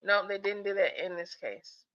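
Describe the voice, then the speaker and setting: A woman's voice: mid-range voice, normal speed, a bit bright, highs cut off. A woman hosting a live stream, chatting casually with viewers about skits, sleepy and yawning as she talks. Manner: chatty, talks straight to the chat, laughs often.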